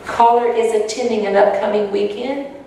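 A woman's voice: on the high side, fairly even intonation, normal speed, mellow. A woman telling her own story to an audience in an earnest, emotional way. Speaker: speaker sharing personal testimony. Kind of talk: personal testimony talk to an audience. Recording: echoey hall from far off, faint noise.

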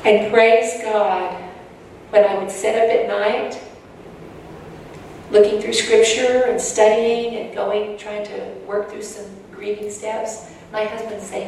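This woman gives personal testimony to an audience with sincere feeling, though her mid-range voice stays flat and darkish and moves a little slowly. The recording sounds far away in a reverberant hall, carrying faint noise.

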